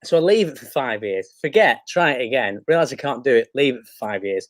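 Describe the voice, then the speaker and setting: A man's voice: mid-range voice, animated, fairly quick, noisy background. A man with a Manchester accent, an actor guest chatting casually on a video call and telling rambling, self-mocking stories. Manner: self-deprecating, rambling anecdotes. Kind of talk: casual chat.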